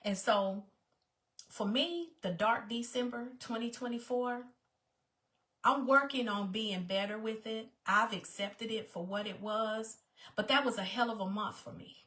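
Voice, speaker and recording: A woman's voice: a little high, measured pace, fairly bright tone. A woman vlogger talking personally to her viewers in an emphatic way, often repeating her phrases. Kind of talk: personal talk to camera.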